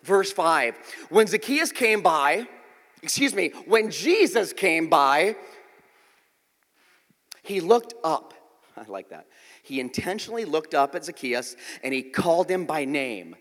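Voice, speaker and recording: A man's voice: a little high, measured pace, pauses often. A man preaching a sermon as pastor, in a joking, conversational way that keeps checking in with his listeners. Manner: lively, joking, conversational preaching with frequent "okay?" check-ins. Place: church sanctuary. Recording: long hall reverb.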